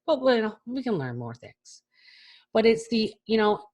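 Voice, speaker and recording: A woman's voice: on the high side, very animated, moderate pace, a little mellow. A woman in her forties giving a frank, chatty keynote talk over a video call. She swears casually as she speaks to an online audience.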